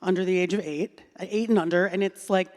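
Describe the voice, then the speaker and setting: A woman's voice: fairly low pitch, steady tone, fast, darkish tone. A woman in her thirties moderating a live panel, chatty and reflective with many fillers. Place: large hall on stage. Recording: reverberant hall.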